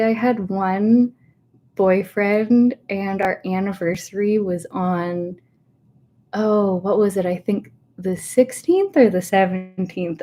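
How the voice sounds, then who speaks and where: Soft-spoken woman in her thirties, rambling. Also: mid-range voice. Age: 30s. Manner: rambling, chatty, self-interrupting with fillers. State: a little nervous. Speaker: ASMR host. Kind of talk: soft-spoken livestream chat. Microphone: webcam setup.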